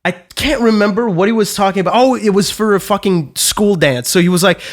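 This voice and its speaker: A man co-hosting a podcast, telling school stories in a casual, profane, animated way with lots of swearing. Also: high voice, fairly quick, few pauses. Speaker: podcast co-host. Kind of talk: casual chat.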